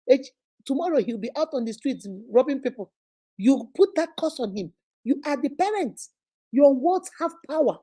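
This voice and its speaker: A woman's voice: high-pitched, lively intonation, fairly quick, warm tone. A middle-aged woman hosting a live relationship advice talk, emphatic and preachy, acting out little scenes as she speaks to viewers.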